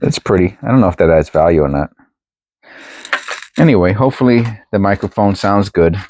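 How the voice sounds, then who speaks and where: A coin-collecting vlogger with a low, animated, slightly quick and mellow voice chats casually while sorting coins at home. He's trying out a new desk microphone, and the dry recording catches him rambling and thinking aloud, restarting often.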